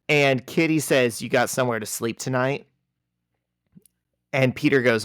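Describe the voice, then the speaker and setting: A man co-hosting a casual podcast, retelling a comic book scene and reading its dialogue aloud in a lively storytelling way. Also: moderate pace, no room sound, studio quality. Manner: animated storyteller, reads quoted lines in a lower voice. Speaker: podcast co-host.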